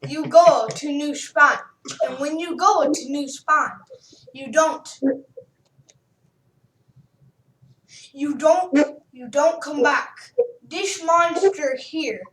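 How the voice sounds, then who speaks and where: A woman's voice: high-pitched, slow, fairly bright tone. A woman doing a man with a thick Spanish accent, in a clumsy put-on way. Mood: threatening. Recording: roomy, from far off the mic.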